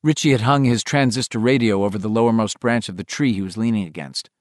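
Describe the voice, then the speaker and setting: With a fairly low-pitched voice, a male narrator delivers a novel as an audiobook, keeping his reading measured yet expressive. It's a clean, echo-free studio recording.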